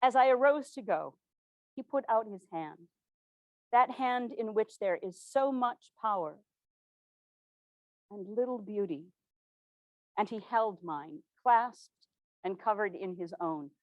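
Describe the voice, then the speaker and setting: An earnest widow from the 1860s, portrayed by a woman, tells her story in a first-person historical portrayal. Her diction is formal and measured, and her pitch sits in the middle range. The sound is dry, with no room echo. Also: animated, lo-fi sound. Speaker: living historian.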